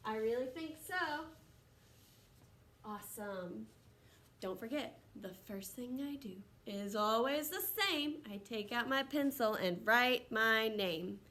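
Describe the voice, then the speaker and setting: A woman teaches a first grade class with an upbeat, encouraging manner. Her voice is bright and sits a little high. She talks straight to the young children. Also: lively intonation, slow. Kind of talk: online lesson to young children.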